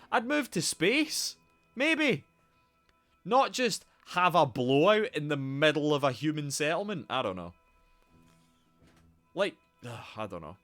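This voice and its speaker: A man's voice: a little high, a bit bright. A man streaming a game live, commenting casually in a rambling, sweary way.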